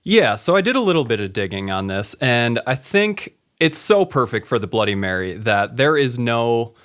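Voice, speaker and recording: A man hosting a podcast, explaining a story with relish in a relaxed chat. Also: mid-range voice, moderate pace, clear, resonant tone. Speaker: podcast host.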